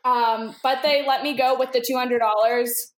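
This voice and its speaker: High-voiced woman telling a comic story. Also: normal speed, reverberant, slight background noise. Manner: animated, laughs often, full of fillers. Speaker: guest comedian.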